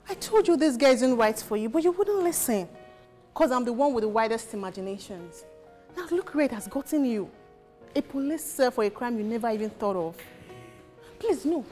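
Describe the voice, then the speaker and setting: An actress with a Nigerian accent in a film drama, scolding with exasperation. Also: female voice, a little high, dark tone.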